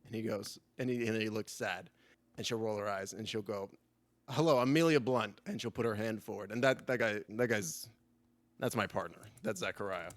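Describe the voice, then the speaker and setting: A man's voice: fairly low pitch, steady tone, brisk, fairly bright tone, no echo. A man narrating a tabletop game as game master in a rambling way, full of fillers and repeated words.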